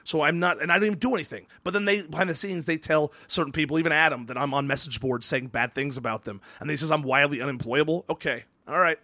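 A man's voice: a little high, fast talker, few pauses, bright, forceful tone, no echo. A man hosting a casual podcast chat, rambling and swearing with many stammered restarts. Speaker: podcast host.

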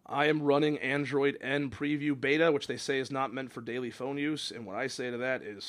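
Fast-talking, profane male podcast host. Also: mid-range voice, steady tone, dry recording. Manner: rambling, profane, stammering restarts. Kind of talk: casual podcast chat.

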